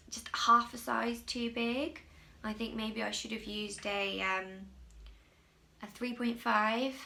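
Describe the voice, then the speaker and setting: A woman's voice: fairly high pitch, vocal fry, bright, forceful tone. A woman from England hosting a crochet podcast, chatting casually to camera from home in a rambling, self-mocking way.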